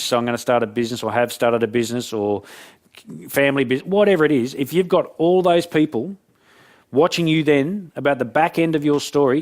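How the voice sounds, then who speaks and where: A man giving a talk, telling jokey stories in an animated way. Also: fairly high pitch. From Australia. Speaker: motivational speaker. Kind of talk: storytelling keynote talk.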